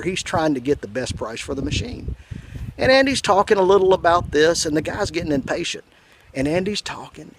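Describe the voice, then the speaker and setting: Slow-drawling Southern man, fairly high voice. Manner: slow drawling deadpan storytelling. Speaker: comedian. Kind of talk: folksy comic monologue.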